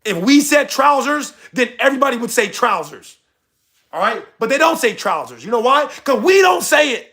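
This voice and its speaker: A young American man streaming casually, reading chat and ranting loudly with plenty of cussing. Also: very high voice, moderate pace. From United States. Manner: loud, animated, cussing rants. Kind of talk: casual livestream commentary.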